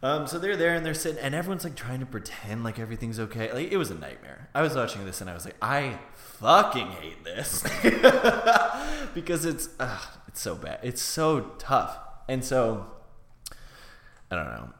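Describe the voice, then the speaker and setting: A man's voice: mid-range voice, very animated, a little fast, fairly bright tone, roomy sound. A man co-hosting a casual film podcast, retelling scenes with lots of acted-out quotes. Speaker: podcast co-host.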